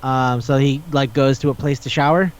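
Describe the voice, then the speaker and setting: A man's voice: medium pitch, fairly even intonation, normal speed, highs cut off. A man hosting a casual podcast chat, rambling and swearing as he retells scenes and acts out the dialogue. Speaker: podcast host.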